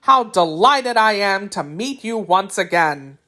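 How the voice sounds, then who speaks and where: Woman voicing a tin man emperor, storybook, courtly, effusive, warm-hearted, measured pace. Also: medium pitch, expressive. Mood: joyful.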